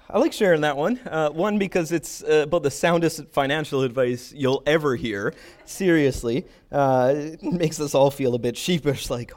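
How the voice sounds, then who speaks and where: Casual, animated preacher man. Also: on the high side. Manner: casual, animated, with quick asides and restarts. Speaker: pastor. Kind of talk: conversational sermon.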